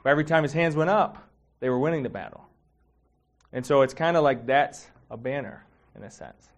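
A man's voice: medium pitch, a little fast. A man giving a casual, heartfelt sermon, talking conversationally with many fillers and getting emotional. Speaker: preacher.

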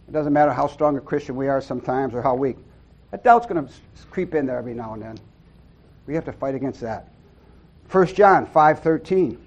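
A middle-aged man giving an informal sermon to a small church group, earnest and folksy, with loud whoops and amens. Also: medium pitch, animated, fairly quick, highs cut off. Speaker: lay preacher.

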